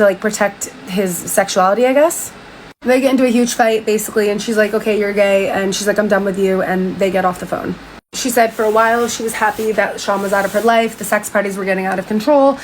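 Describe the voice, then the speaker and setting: A young woman talks into a phone mic at an everyday pitch, recapping a story in loose, chatty speech. She quotes everyone with "she's like" and throws in the odd swear. A faint hum sits behind her voice. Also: rough recording. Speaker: TikTok commentator.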